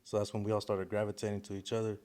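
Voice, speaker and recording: A young man talks in a relaxed, slang-heavy way. His voice sits somewhat low, with plenty of fillers like "you know what I'm saying" and quick laughs. It sounds like a loose, casual podcast chat. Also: smooth. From East Palo Alto, California. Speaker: guest rapper.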